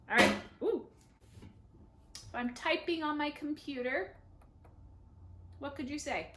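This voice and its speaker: A young woman speech therapist talks on camera from her living room. Her fairly high voice slows right down to model each practice question, then she drops in playful, self-teasing asides. A faint hiss sits under the recording. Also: a bit bright. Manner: slow, deliberate modeling of practice phrases.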